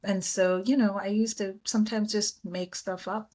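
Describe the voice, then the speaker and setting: A woman from India, a guest in an interview, telling stories in an animated way and acting out the voices of people she quotes. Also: mid-range voice, normal speed. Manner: animated storyteller who acts out quoted voices. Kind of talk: conversational interview.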